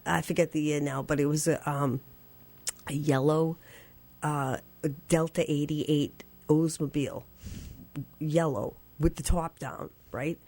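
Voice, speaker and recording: A woman, a guest telling a story on a radio show, laughing often and jumping to a squeaky high voice when she plays her younger self. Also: fairly even intonation, a little slow, darkish tone. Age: 60s.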